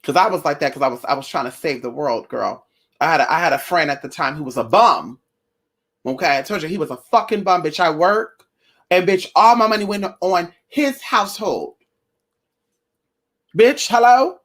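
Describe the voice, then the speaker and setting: A woman's voice: deep voice, lively intonation, a little fast, fairly bright tone. A woman telling a personal story to her viewers in a casual, blunt and profane way, calling them girl and honey. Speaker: spiritual vlogger.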